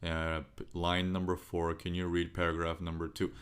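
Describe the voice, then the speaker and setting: A man's voice: normal speed, smooth, close to an everyday voice. A man doing a droning, dull schoolteacher. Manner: flat monotone, low and sleepy.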